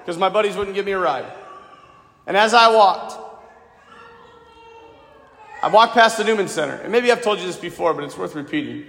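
A man's voice: sits high, moderate pace, pauses often, a bit bright. A male priest preaching a sermon, sharing a personal story and asking the congregation direct questions. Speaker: Catholic priest. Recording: echoey hall with long reverb.

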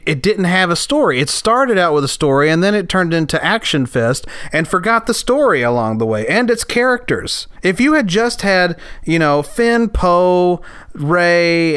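A man's voice: on the high side, a bit bright, clean tone, dry recording, studio quality. A man hosting a casual podcast, rambling through a film review with lots of fillers. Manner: rambling, filler-heavy, laughs easily. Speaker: podcast host.

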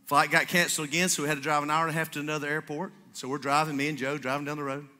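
Animated pastor preaching in a hall. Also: male voice, fairly high pitch, rapid-fire. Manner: animated storyteller acting out dialogue. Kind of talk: sermon with storytelling. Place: church sanctuary with congregation. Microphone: stage microphone. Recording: reverberant church hall.

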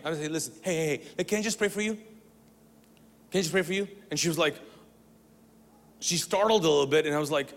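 A man from the Middle East preaching a sermon, telling a story with acted-out dialogue and moving between loud bursts and quiet, hushed lines. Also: high voice. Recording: long reverb of a large hall.

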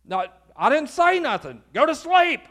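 A gruff old priest in a folksy sermon retelling, brushing off a boy who keeps waking him, as a Kentucky pastor puts him on. He talks with a homey country twang and a high-set voice. The voice stays close to the preacher's own. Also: big pitch swings, unhurried. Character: old priest Eli, gruff and dismissive, a man.

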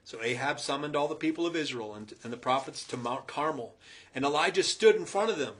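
A man preaching a sermon, retelling a story dramatically with chuckling asides and loud, emphatic quoted lines. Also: medium pitch, moderate pace.

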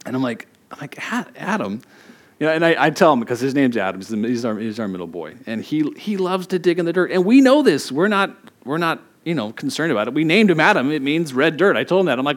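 A middle-aged man preaches in a relaxed, conversational way. He tells stories with animated quoted voices and frequent laughs, then drops into quieter reflective reading of scripture. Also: fairly high pitch, fast talker. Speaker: pastor. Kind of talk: sermon.

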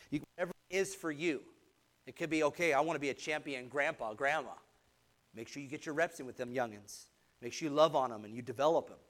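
A man preaching a sermon, energetic and exhorting, asking the congregation for an amen. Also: a little high. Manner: energetic, exhorting, call-and-response asides.

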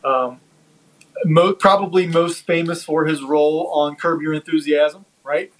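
High-voiced man chatting, halting. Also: fairly even intonation, low-quality recording. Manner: halting, many fillers and restarts. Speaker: podcast co-host. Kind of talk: casual chat reviewing a comedy special.

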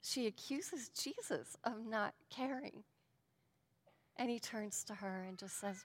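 A woman giving a sermon and a prayer, earnest and shifting between emphatic lines and hushed ones. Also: a little high, slow, big-room sound. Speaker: speaker at a devotional.

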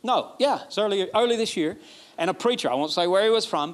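A man from Alabama, preaching a sermon emphatically, repeating phrases and building to excited peaks. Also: high voice, fast. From Alabama, USA. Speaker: pastor.

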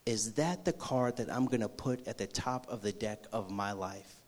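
A man preaching a sermon, acting out a movie scene with energy before turning slow and earnest. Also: on the low side. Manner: slows and softens into earnest preaching. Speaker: youth pastor.

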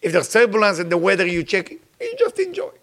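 An older man giving an emphatic sermon to his followers, repeating phrases and jumping to sudden high exclamations. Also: wildly swooping pitch, quick pace, fairly bright tone. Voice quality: non-native grammar. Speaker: spiritual teacher.

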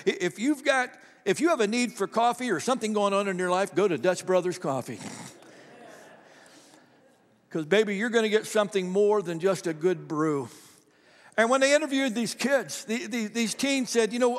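A man preaching a sermon as a pastor, animated, moving between loud emphasis and soft storytelling. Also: high-pitched, normal speed. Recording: long hall reverb.

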